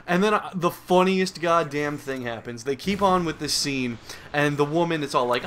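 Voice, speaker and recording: A man's voice: fairly high pitch, normal speed, fairly bright tone, slight background noise. A young man giving crude, sarcastic comedic commentary over gameplay, rambling and mocking as he goes. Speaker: gaming commentator.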